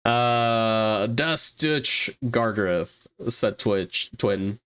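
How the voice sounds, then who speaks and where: A streamer chatting casually on a live broadcast, talking at an unhurried, drawn-out pace. Gets excited easily, laughing, cursing and leaping up in pitch mid-sentence. Speaks straight into a desk mic. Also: clear, resonant tone. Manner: excitable, swears, laughs often, big jumps in pitch. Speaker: livestreamer and 3D artist. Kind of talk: casual livestream chat.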